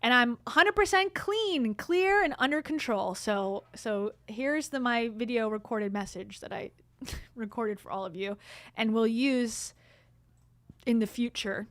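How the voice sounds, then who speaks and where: A woman's voice: fairly high pitch, measured pace, fairly bright tone, dry recording. A middle-aged woman hosting a casual livestream, telling a story in a chatty way with frequent laughs. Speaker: livestream host. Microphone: streaming mic.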